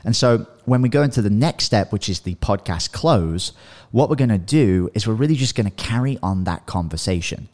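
A man hosting a podcast, giving casual coaching advice in an animated way and often checking in with "right?" and "you know". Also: lowish voice, normal speed. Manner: animated, acts out sample dialogues, frequent "you know" and "right?". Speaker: podcast host and business coach.

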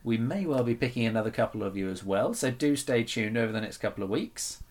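A man's voice: mid-range voice, animated, fast talker, darkish tone. A man co-hosting a casual podcast, jokey and teasing, often laughing as he talks. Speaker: podcast co-host.

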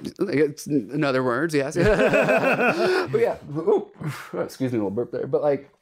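A young man from the Los Angeles area, a podcast guest chatting casually, animated and quick to laugh, swearing freely. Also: fairly high pitch, slightly rough. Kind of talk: casual chat.

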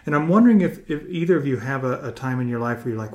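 A man's voice: medium pitch, lively intonation, rapid-fire, few pauses, darkish tone. A man hosting a conversation with a couple, affirming their points and laughing easily as he asks questions. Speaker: podcast host. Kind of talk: casual interview chat.

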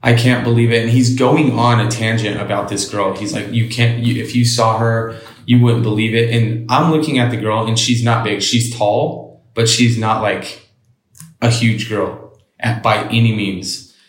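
A man's voice: fairly low pitch, fairly even intonation, normal speed, reverberant, rough recording. Blunt, profane man telling a story. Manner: blunt and profane, retells with quoted dialogue. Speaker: interview guest. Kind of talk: casual storytelling.

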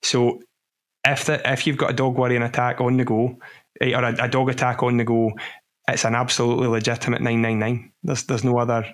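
A male podcast host guides the conversation in a steady, measured way, often restarting a phrase as he searches for the right words. His voice sits at a middle pitch, with nothing unusual in its tone. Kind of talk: casual podcast interview.

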